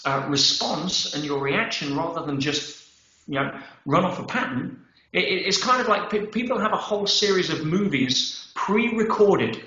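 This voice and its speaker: In this conversational interview, the male guest's slightly high voice keeps a moderate pace. His storytelling is emphatic and lively, full of acted-out quotes and sprinkled with "yeah?" and "right?", all captured in roomy, dull podcast sound.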